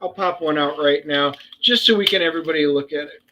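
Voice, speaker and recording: A man co-hosting a casual livestream, talking excitably in rambling, sarcastic banter. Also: a little high, fast, a little hiss or hum. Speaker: co-host and writer. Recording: dull lo-fi sound.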